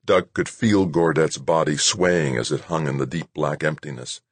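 Deep-voiced husky male narrator. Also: fairly even intonation, moderate pace, dry recording. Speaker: audiobook narrator. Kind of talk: scripted narration.

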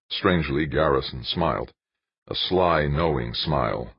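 A man narrating an audiobook in a steady, even storytelling manner. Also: a bass voice, moderate pace, husky, dry recording. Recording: dull, dry narration recording.

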